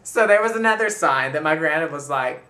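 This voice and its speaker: A man casually telling a personal story to the camera in a chatty, animated way. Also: fairly high pitch, brisk. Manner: chatty, animated retelling with frequent laughs. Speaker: vlogger.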